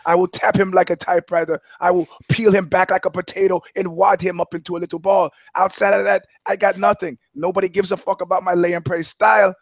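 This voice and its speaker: A man's voice: high-pitched, little pitch movement, creaky, no echo, muffled recording. A man putting on a mock French Canadian accent to play a cocky male fighter trading boasts. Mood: boastful. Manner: boastful, halting, comic smack talk.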